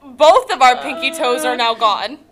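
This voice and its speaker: A woman's voice: high voice, expressive, moderate pace, background noise. A young woman chatting casually and reacting to a story with laughter and disbelief. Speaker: co-host reacting. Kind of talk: casual chat.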